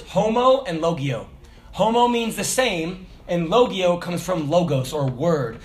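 A man preaching a sermon, telling a personal story and swinging from low, quiet passages to raised, shouted exhortation. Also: slight background noise.

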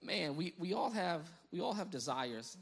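A man's voice: high voice, moderate pace, creaky, husky. A man preaching a conversational sermon as pastor, telling stories animatedly, laughing often and restarting his phrases. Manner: animated storyteller who breaks into laughter; repeats words as he restarts phrases.

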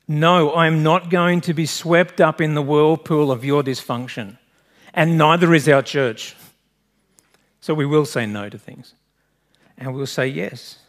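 Male pastor preaching, earnest and direct, voice a touch high. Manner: earnest, direct, asks the congregation questions. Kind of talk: sermon.

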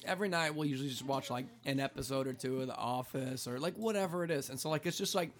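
A man's voice: medium pitch, fast talker. Male pastor-host, thirties, casual and talkative, filler-heavy delivery. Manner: relaxed, talkative, lots of "like" fillers. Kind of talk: casual chat.

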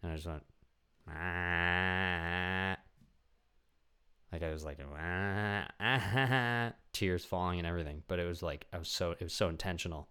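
Deep-voiced rambling young man podcaster. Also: racing, hardly any pauses. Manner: rambling, animated, swears a lot, acts out voices. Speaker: podcast host. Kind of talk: casual comedic monologue.

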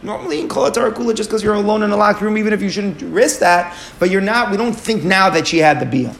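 A man's voice: high voice, fast talker, vocal fry, fairly bright tone, slight background noise. A man teaching a Talmud lesson, explaining step by step and asking and answering his own questions, with Aramaic and Hebrew terms mixed in.

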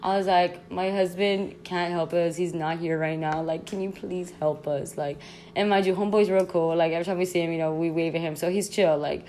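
A young woman hosting a podcast, telling a story in a casual, animated, slangy way, full of "like" and swearing. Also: fairly low pitch, brisk. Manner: animated, slangy, constant "like", swearing, laughs often. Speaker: podcast host.

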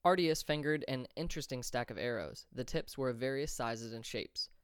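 Man with a smooth, dry narrating voice. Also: mid-range voice, normal speed, no room sound. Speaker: audiobook narrator. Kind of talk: scripted fantasy narration.

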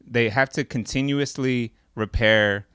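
A podcast co-host retells a movie plot casually, rambling and profane, packed with "like" and "uh" and acting out characters' lines. His medium-pitched voice is unhurried, smooth and fairly bright, in clean studio sound with no room noise.

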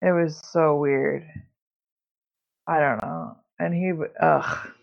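Over dull lo-fi audio, this woman's low-pitched, creaky voice moves slowly in a steady tone. She hosts a podcast, spinning profane, rambling stories packed with fillers during a casual chat.

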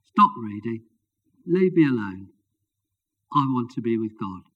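A man voicing a badly wounded young man near death, speaking quietly and weakly in a read-aloud story. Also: mid-range voice, animated, slow. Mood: weak, pleading. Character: dying wounded young man, weak and pleading. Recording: dull lo-fi recording.

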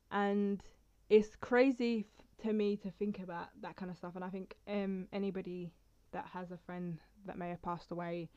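A woman's voice: mid-range voice, dark tone, smooth, no room sound, lo-fi sound. A woman vlogging casually in a chatty, rambling way, with apologetic asides, and reading her own poems aloud. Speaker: poetry vlogger.

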